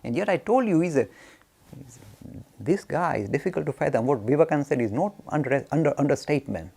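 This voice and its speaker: Male teacher, storytelling lecture, animated, gravelly and husky, lively pitch. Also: fast talker. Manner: animated, waving his arms; asks himself questions and answers them. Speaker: spiritual teacher.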